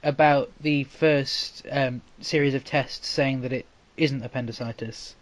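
A man interviewing an author, asking conversational questions in a hesitant way, often pausing and losing his thread. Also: mid-range voice, steady tone, dry recording. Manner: hesitant, many fillers, loses his thread.

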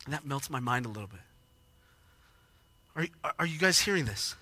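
A man preaching a sermon, emotional and animated, acting out quoted lines with rising intensity. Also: medium pitch, normal speed, no room sound. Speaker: pastor.

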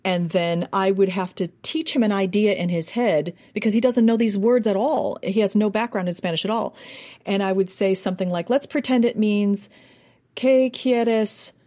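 American woman dialect coach chatting on a podcast, animated, does little accent demos. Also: mid-range voice, moderate pace. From United States. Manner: animated, demonstrates accents and sounds. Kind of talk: interview guest, casual storytelling.

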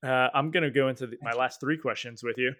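Bright-voiced upbeat podcast host man. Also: medium pitch, steady tone, fast talker. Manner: upbeat, affirming. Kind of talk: interview chat.

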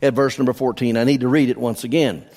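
A man's voice: mid-range voice, steady tone, fast talker, a little mellow. A man preaching a sermon as pastor, emphatic, repeating key phrases for stress. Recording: long hall reverb.

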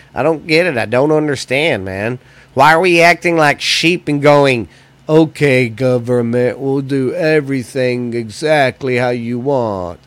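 A man's voice: medium pitch, fairly bright tone, no echo. An American man hosting a podcast, delivering a heated, profanity-laden solo rant that rambles between points. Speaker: podcast host.

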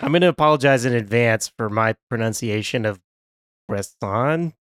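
A man's voice: mid-range voice, expressive, moderate pace, a bit bright, slight background noise. A man co-hosting a podcast, easygoing and self-deprecating. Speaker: podcast co-host. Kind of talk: casual podcast chat.

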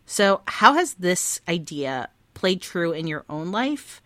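A woman's voice: fairly low pitch, big pitch swings, slow pace, few pauses, sharp tone, dry recording. A woman co-hosting a podcast, a mother with a wry, self-deprecating and reflective way of talking. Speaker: podcast co-host. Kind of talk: casual podcast chat.

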